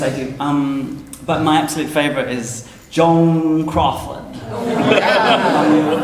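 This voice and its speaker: Man, thirties, author on stage, theatrical, chatty, laughs often, high voice, roomy sound. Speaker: author guest. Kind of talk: stage interview at a book launch. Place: event venue before an audience. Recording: roomy hall.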